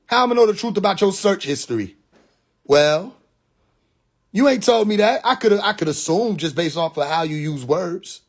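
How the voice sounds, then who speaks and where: A young Atlanta native with a Southern accent livestreams from his phone, lecturing and mocking in a rambling monologue packed with rhetorical questions and profane slang. His high-pitched voice has lively intonation, and he speaks at a normal speed.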